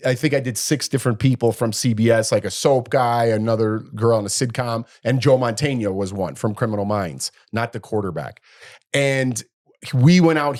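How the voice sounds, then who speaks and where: A man co-hosting a casual chat, telling a story with lively acted-out quotes. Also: mid-range voice. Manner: animated storyteller, acts out quotes. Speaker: podcast co-host.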